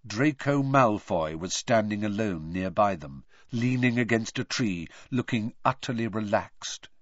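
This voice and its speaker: A man reading a novel aloud as an expressive audiobook narrator. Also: fairly low pitch, measured pace, dry recording, dull audio. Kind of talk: scripted narration.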